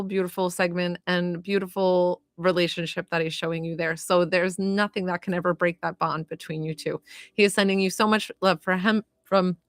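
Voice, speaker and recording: A woman giving a live spirit reading as a medium, chatty and filled with "like" and "you know", gentle and consoling as she passes on messages. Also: fairly low pitch, no room sound. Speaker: psychic medium.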